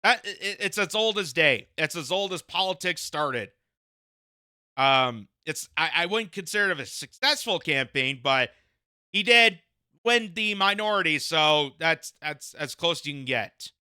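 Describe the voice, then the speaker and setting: Sharp-voiced, combative male commentator. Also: fairly high pitch, lively intonation, measured pace, clear, resonant tone, no echo, clean studio sound. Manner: combative, repeats phrases for emphasis. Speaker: political commentator. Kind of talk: reading news aloud with opinionated commentary.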